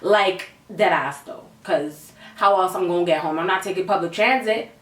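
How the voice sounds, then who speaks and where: A young woman telling a storytime vlog, animated and slangy, acting out quotes. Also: on the low side, moderate pace, distant mic. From Canada. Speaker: vlogger. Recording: echoey room, a bit off-mic.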